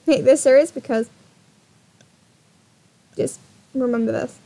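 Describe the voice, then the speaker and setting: A young woman vlogger retelling a personal story in an animated way, swearing and laughing. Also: high-pitched, slow pace, vocal fry.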